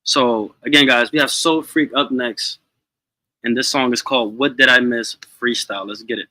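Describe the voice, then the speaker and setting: Bright-voiced man hosting a music stream. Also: medium pitch, moderate pace, no echo. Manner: relaxed, addresses chat directly. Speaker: music review stream host. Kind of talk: casual livestream talk.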